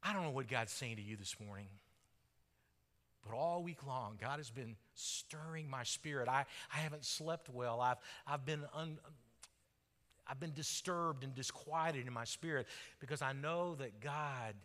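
In a large church sanctuary with long hall reverb, a pastor preaches a sermon with fervent delivery that rises and falls. His mid-range voice is a bit bright and a little slow.

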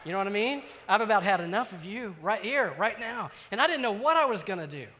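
A pastor delivers a storytelling sermon with a bright, forceful voice pitched a little high. He is animated, jumping from loud bursts to hushed asides. His voice rings with a long reverb in a large church hall. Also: fast talker.

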